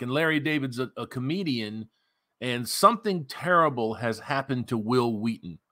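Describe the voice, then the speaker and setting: A man's voice: mid-range voice, normal speed, a bit bright. A man hosting a commentary channel, mocking a news story in a sarcastic, profane rant.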